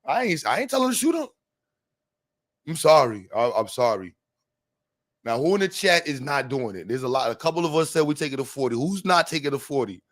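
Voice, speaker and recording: A young man hosting a livestream panel, talking in slang, animated and joking, reading the chat aloud. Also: on the high side, fairly quick, dry recording. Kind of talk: casual livestream talk. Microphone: streaming mic.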